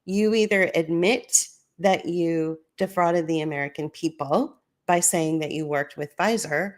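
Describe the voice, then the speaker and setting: Low-voiced woman hosting a solo commentary. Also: lively intonation, moderate pace, hardly any pauses. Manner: conversational, explaining documents on screen. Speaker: podcast host.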